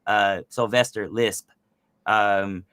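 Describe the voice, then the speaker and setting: Man, voice actor, casual chat, animated, bright voice, dry close sound. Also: on the low side, slow, clear, resonant tone, no echo. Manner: animated, explains with many fillers. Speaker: voice actor guest.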